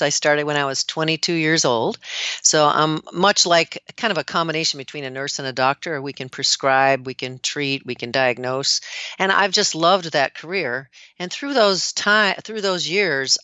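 A woman in her sixties from the United States talks with a bright, crisp voice. She tells her story with eager, animated energy. The call sounds dry and a little dull. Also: deep voice, no echo. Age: 60s. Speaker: guest, nurse practitioner. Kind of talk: casual interview talk.

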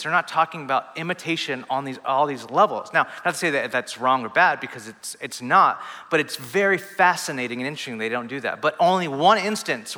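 A pastor preaches a sermon in a church hall, telling stories conversationally with plenty of restarts and fillers. His voice is a little high, pushed and bright, and the recording carries the long reverb of the hall.

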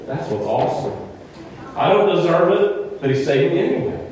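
A male pastor delivers a sermon in a high, lively voice that climbs and drops freely. He talks to the congregation in a conversational, animated way, full of rhetorical questions. The sound rings around a large echoey sanctuary, picked up from some distance with a faint hiss. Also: normal speed. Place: church sanctuary. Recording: echoey church room, mic at a distance.

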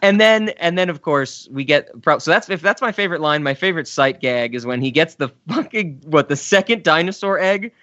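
Bright, animated male podcast co-host. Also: a little high, dry recording, highs cut off. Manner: animated, laughs often, quick asides. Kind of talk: casual chat about sketch comedy.

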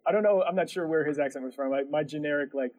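A man's voice: on the high side, rapid-fire, a little mellow, rough recording. A man who runs a production company, telling a story in casual chat, rambling with lots of fillers and laughing as he goes.

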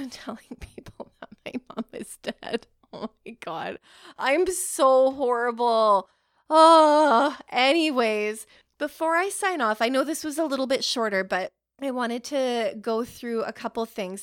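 A woman's voice: mid-range voice, fairly bright tone, no echo, studio quality. A Canadian woman in her thirties, hosting a podcast and telling stories in a rambling, profane, self-mocking way. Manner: chatty, rambling, profane, laughs at herself. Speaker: podcast host. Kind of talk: casual storytelling monologue.

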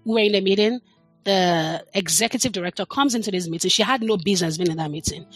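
A woman's voice: mid-range voice, quick pace, slightly rough, no room sound, faint music behind. A middle-aged woman, talking as a podcast guest in a passionate, emphatic way, leaning hard on her words. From Nigeria. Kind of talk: casual chat.

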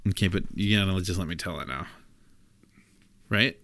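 A low-voiced man co-hosting a casual podcast. He rambles through a long joke and keeps jumping up in pitch to act out each character. The sound is dry and close, with no room around it. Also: normal speed, fairly bright tone, dry recording. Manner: rambling storyteller, acts out characters' lines with jumps in pitch. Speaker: podcast co-host.

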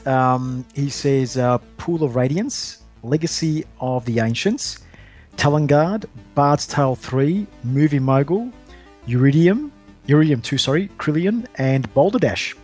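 A man's voice: medium pitch, animated, a little slow, a little mellow, faint music behind. A man hosting a podcast, chatting casually and reading out listener lists in a jokey, self-deprecating way. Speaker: podcast host.

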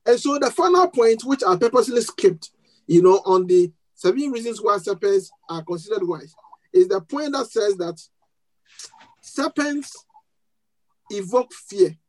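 Animated yet unhurried, a pastor with a non-native accent speaks in a mid-range voice to his congregation over a rough recording. His sermon invites call-and-response and questions, repeating key words for weight and restarting often between phrases.

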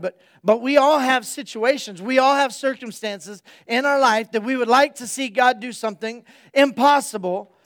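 A male pastor with a high-sitting voice preaches an energetic, conversational sermon, addressing his congregation directly.

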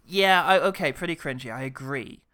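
A podcast co-host chatting casually about a film, wry and quick to laugh. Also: medium pitch, sharp tone. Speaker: podcast co-host reviewing films. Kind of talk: casual chat.

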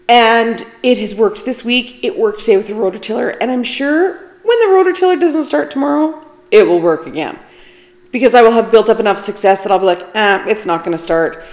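A middle-aged woman hosting her own podcast, talking casually and candidly with a self-deprecating streak. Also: on the high side. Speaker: podcast host. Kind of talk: casual solo podcast talk. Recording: echoey room.

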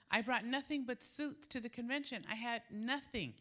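Bright-voiced woman preaching a chatty sermon. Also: on the high side, moderate pace. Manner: chatty, animated storytelling with laughter. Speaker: pastor. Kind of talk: casual sermon with personal story. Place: church sanctuary.

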